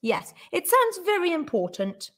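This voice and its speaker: Woman reading as small polite boy bear, formal and earnest, lively storybook voice. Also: extremely high pitch, measured pace, pitched above the performer's own voice, exaggerated voice. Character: small polite young male bear from Peru. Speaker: teacher reading a picture book.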